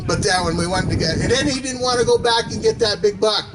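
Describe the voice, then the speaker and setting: A man's voice: sits high, fast talker, very noisy. A man reminisces about a hunting trip at a memorial, chuckling and rambling with many fillers. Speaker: memorial speaker, hunting companion. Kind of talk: casual reminiscing at a memorial service.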